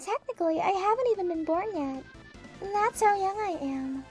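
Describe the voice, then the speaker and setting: A woman's voice: very high-pitched, animated, moderate pace, a little mellow, faint music behind. A woman voicing a sentient space probe in anime-girl form, childlike and chaotic, with babyish cutesy talk that flips to blunt swearing, in a comedy audio drama.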